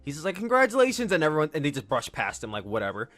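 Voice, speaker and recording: A man hosting a podcast, recapping in a casual, excitable, rambling way and acting out quotes. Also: mid-range voice, very fast. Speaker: podcast host.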